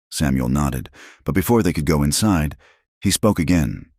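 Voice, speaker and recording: Very deep-voiced male storyteller. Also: animated, moderate pace, darkish tone, breathy edge, no room sound, clean studio sound. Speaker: narrator. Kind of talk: scripted storybook narration.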